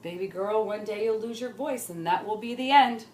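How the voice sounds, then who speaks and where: A woman's voice: medium pitch, normal speed, darkish tone, slight background noise, close to an everyday voice. A woman voicing a father who earnestly warns his daughter, in a storybook reading. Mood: warning. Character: warning, caring father. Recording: roomy echo.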